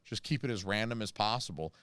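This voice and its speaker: An American man chatting on a casual livestream, his voice a little low and smooth. He rambles and jokes with plenty of fillers, and the sound is dry and close. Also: fast talker, fairly bright tone, no echo. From United States. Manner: rambling, jokey, many fillers and asides. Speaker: channel host reading live chat.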